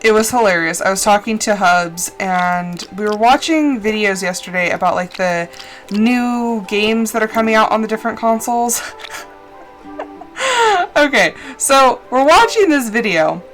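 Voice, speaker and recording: A woman's voice: mid-range voice, expressive, moderate pace, soft background music. A woman streamer chatting casually while playing a game, telling stories and acting out her own reactions. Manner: chatty storytelling, acts out her own shouting. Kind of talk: casual gaming chat.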